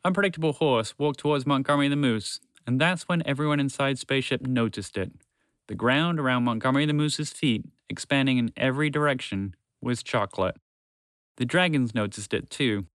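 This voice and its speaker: A man reading a children's story aloud in a lively way, switching into voices for the characters. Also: mid-range voice, a little fast, no room sound, clean studio sound.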